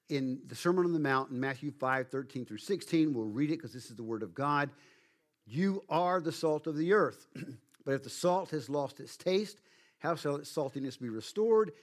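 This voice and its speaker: Emphatic male pastor preaching. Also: fairly high pitch. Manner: emphatic, slows down to stress words. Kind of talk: sermon.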